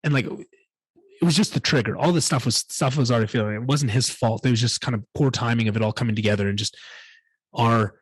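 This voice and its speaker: A man's voice: mid-range voice, brisk, slightly rough, dry recording. A man hosting a solo podcast, telling a candid personal story in a rambling way and swearing often. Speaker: podcast host.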